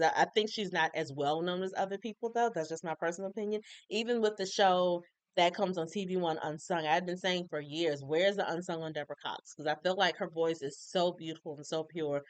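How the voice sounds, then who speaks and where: A woman's voice: low voice, clear, resonant tone, dry recording. A woman in her forties talking casually and with feeling about songs she loves, in a chatty, heartfelt way. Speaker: music commentator. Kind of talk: casual music commentary.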